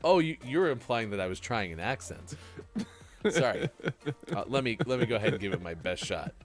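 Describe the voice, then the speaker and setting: With soft background music, a man with a fairly low voice talks a little fast. He hosts a morning show on a casual live-stream radio chat, joking around and rambling with his co-host in a lively way.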